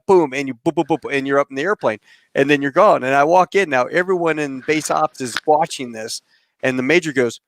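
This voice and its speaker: A man hosting a casual interview, telling anecdotes with lively energy. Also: fairly high pitch, brisk, dry recording. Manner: lively storyteller, animated when telling anecdotes. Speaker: podcast host.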